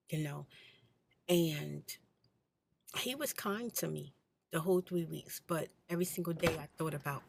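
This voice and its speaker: Soft-spoken woman with a gravelly voice. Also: low voice, normal speed. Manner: candid, blunt, confiding, sometimes drops to a whisper. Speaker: ASMR channel host. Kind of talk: soft-spoken ASMR storytelling.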